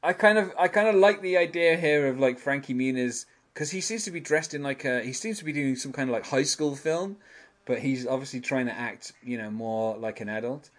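A man's voice: mid-range voice, brisk, fairly bright tone. A man hosting a casual podcast, rambling through an episode recap with many fillers and frequent chuckles. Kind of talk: casual chat.

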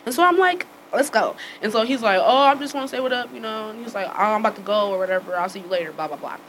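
A woman telling a story casually to friends, acting out the dialogue with lively swearing and frequent laughter. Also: mid-range voice, quick pace, slight background noise, rough recording. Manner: animated, acts out quoted dialogue with swearing; laughs often while telling.

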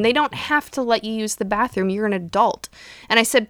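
Animated woman telling a story, dry mic. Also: mid-range voice, brisk, no room sound. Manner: animated storyteller who swears freely. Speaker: podcast co-host. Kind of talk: casual chat.

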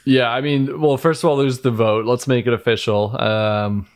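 Male co-host, relaxed recap talk, measured and wry delivery, mid-pitched voice. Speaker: podcast co-host. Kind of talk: casual recap chat.

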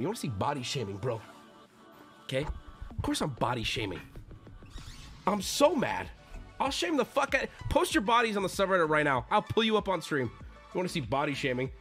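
A man in his thirties ranting to his stream chat, exasperated and loud, mocking people in whiny voices. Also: on the high side, wildly swooping pitch, normal speed, pauses often, faint music behind.

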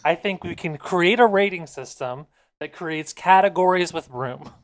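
Wry, relaxed podcast co-host. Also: medium pitch. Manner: relaxed, wry, halting restarts, mouth full. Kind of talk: casual snack-tasting chat.

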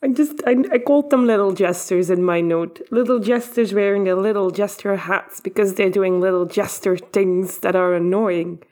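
A woman's voice: mid-range voice, normal speed, few pauses, darkish tone. A woman in a casual podcast chat, recapping a cartoon episode in a playful, teasing way.

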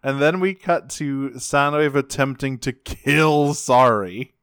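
A man's voice: medium pitch, takes it slowly, fairly bright tone, smooth, no room sound, studio quality. A man co-hosting a podcast, casually recapping a cartoon episode and acting out quotes with a laugh. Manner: laughs often, acts out quotes. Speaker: podcast co-host.

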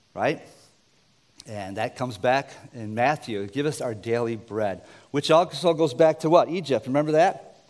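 A man from the United States preaching an informal sermon, conversational and joking, with asides to his listeners. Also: mid-range voice.

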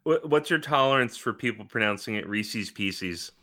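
A man's voice: fairly low pitch, animated, normal speed, sharp tone. A man in casual chat, sardonic and crude, arguing for laughs. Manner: sardonic, crude, argumentative joking.

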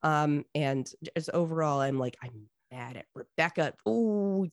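A woman's voice: extremely low pitch, fairly even intonation, moderate pace, no echo, studio quality. A woman co-hosting a casual podcast chat, retelling a story playfully with silly voices. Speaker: podcast co-host.

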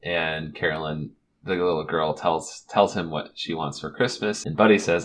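A young man with a low voice co-hosts a relaxed film chat. He talks in loose, rambling stretches full of fillers and laughs often. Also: normal speed, slight background noise. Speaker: podcast co-host. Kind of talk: casual chat about a film.

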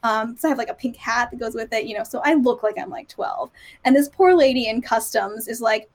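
A woman's voice: fairly high pitch, brisk. Chatty, giggly woman in her thirties. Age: 30s. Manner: chatty, giggly, acts out quoted voices. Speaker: guest author. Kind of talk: casual podcast chat.

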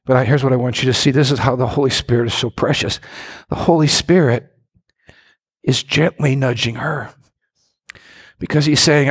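A middle-aged man, a pastor, preaching a sermon with animated storytelling and frequent questions to his congregation. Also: moderate pace, pauses often, husky. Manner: animated storytelling with lively pitch swings and direct questions to the congregation.

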